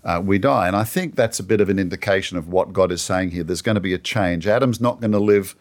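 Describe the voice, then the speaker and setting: A man's voice: deep voice, quick pace. A man in an easygoing two-person Bible discussion, explaining doctrine in an earnest, teaching manner with many "you know"s. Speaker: co-host of a Bible teaching show.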